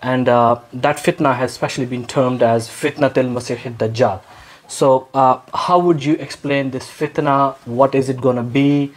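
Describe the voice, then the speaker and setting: A man hosting an interview, introducing the series and asking his guest questions in a measured, careful way with many pauses. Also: medium pitch, steady tone. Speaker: host.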